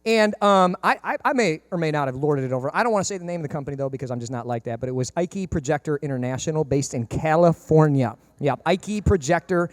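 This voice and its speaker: A pastor delivers a lively, chatty sermon at a quick pace, his voice pitched rather high for a man. He imitates the people he quotes and tosses in dry jokes along the way, all captured in a close, dry recording with almost no room sound.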